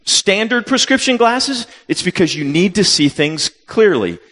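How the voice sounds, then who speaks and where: A man in his fifties, a missionary telling a funny personal story in a sermon, acting out his own reactions with sudden loud jumps. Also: high voice, big pitch swings, a little slow. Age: 50s. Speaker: missionary preacher. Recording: long reverb of a hall.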